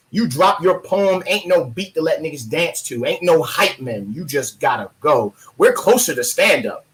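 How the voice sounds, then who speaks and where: A man in his thirties from Baltimore with an American accent, a guest poet telling stories in a casual interview, lively and profane, acting out other people's voices. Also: on the high side, low-quality recording. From Baltimore, USA. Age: 30s.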